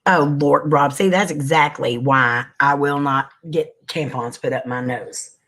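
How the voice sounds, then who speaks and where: A man's voice: a little high, fairly even intonation, unhurried, sharp tone. A man hosting a casual livestream. He chats with viewers, greets them by name and sniffles now and then. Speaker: livestream host.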